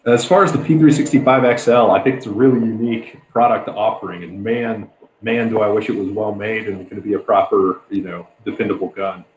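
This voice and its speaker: Low-pitched man, casual host, laughs easily, roomy echo, faint noise. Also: fairly even intonation, a little fast. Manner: laid-back, laughs often. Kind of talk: casual livestream chat. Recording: echoey room, faint noise.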